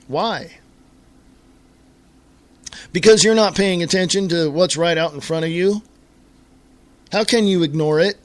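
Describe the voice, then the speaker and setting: A man's voice: high voice, a little slow, long pauses, no echo. A middle-aged American man hosting his own internet radio talk show alone, ranting in an exasperated way and often repeating and restarting his words. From United States. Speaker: host.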